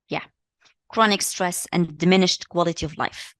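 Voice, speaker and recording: A woman's voice: lowish voice, normal speed, a bit bright, no room sound. Tunisian lady teacher going over english exercises, lots of "very good", dry close mic. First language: Tunisian Arabic. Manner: encouraging, repeats praise and answers. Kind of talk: live online exam revision lesson.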